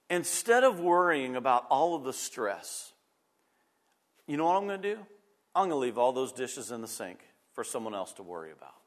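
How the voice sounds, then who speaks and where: A man pastor preaching a sermon, emphatic and repeating his key phrases, swinging between loud bursts and quiet moments. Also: medium pitch.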